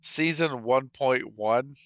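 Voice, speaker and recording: A male co-host making wry, critical remarks in a casual live chat. His voice is bright, crisp and smooth, but the recording is a little dull and lo-fi, with no room sound. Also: mid-range voice, takes it slowly, no echo. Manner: wry, critical and dry-humoured. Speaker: podcast co-host.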